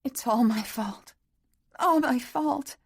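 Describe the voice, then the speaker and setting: A woman narrator voicing a distraught young woman who wails in a high, childlike voice. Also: takes it slowly, breathy edge, heavily acted. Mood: childlike wailing.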